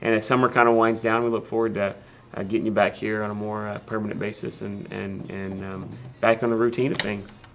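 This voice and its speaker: A man's voice: lowish voice, flat delivery, brisk, gravelly, a little hiss or hum. A man hosting a devotional talk show in a TV studio, earnest and hesitant with many ums. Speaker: pastor, host.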